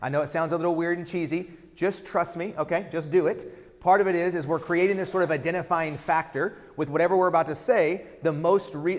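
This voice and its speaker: A man giving a keynote talk in a conference hall. He coaches the audience in a casual, direct way and often checks in with "okay?". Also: a little high. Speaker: keynote speaker. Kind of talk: motivational keynote with audience exercise. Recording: long hall reverb.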